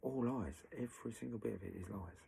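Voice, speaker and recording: A man's voice: fairly low pitch, brisk, creaky, mellow, a little hiss or hum, voice pushed up. A man, imitating an outraged woman witness in raised, emphatic tones. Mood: insistent. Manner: emphatic denials, repeated insistence.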